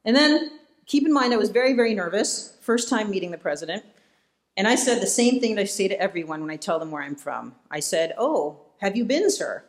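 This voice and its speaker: A man's voice: sits high, a little fast. Man telling stories to an audience. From Iowa, United States. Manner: relaxed storyteller, self-deprecating, frequent "uh" fillers. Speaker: guest speaker, policy fellow. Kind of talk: public lecture with personal anecdotes. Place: event hall before an audience.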